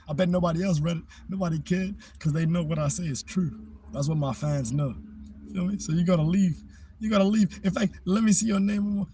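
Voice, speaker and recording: A young man talks straight to his livestream chat in loose, brash slang. His voice sits a little high and comes out husky. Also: dark tone.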